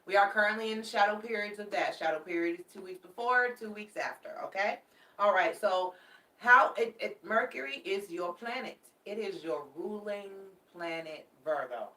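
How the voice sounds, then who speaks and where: A woman reading tarot speaks at a moderate pace with a bright, forceful, medium-pitched voice. Warm and chatty, she calls her audience babies and repeats her warnings, heard through a set-back mic in an echoey space.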